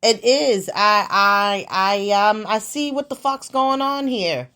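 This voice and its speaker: A woman hosting her own show, telling everyday stories in a sassy, profane, animated way. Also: medium pitch, slow pace, hardly any pauses, clear, resonant tone. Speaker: podcast host. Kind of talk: casual storytelling monologue.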